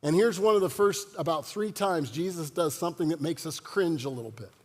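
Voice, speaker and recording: A man's voice: a little high, fairly quick. A man preaching a sermon as pastor, in a conversational style and joking with the congregation. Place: church sanctuary. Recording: long church hall reverb.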